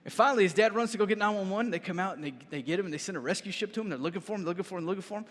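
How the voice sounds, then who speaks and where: Male pastor, high voice, animated preaching style, long hall reverb. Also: rapid-fire. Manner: animated, storytelling, raises voice to shout lines. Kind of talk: sermon. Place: church hall.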